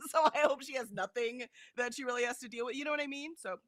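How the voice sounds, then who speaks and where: A woman co-hosting a reading stream in casual chat, reading out viewer comments with animated, laughing energy. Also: high-pitched, fairly quick, dry recording, clean studio sound. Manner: animated, chatty, laughs often. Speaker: co-host of a reading sprint stream.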